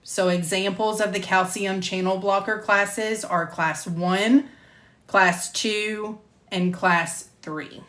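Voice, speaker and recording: A woman instructor reading lecture material on drugs at a measured pace, stopping to correct herself and chat. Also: medium pitch, fairly even intonation, fairly bright tone, echoey room. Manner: measured, careful reading of drug terms, self-correcting. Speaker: medical coding instructor. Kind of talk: recording lecture narration, with casual asides. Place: home room with door closed.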